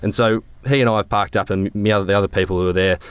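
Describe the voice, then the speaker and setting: A man's voice: fairly low pitch, fairly even intonation, very fast, clean tone, dry recording. A young Australian man, a club captain, telling stories with a laugh in a casual podcast chat. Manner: laid-back storyteller, laughs often. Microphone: podcast microphone.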